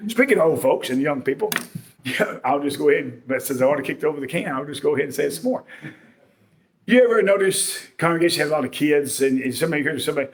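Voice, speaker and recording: A man's voice: on the high side, expressive, quick pace. Folksy, joking man preaching. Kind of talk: sermon.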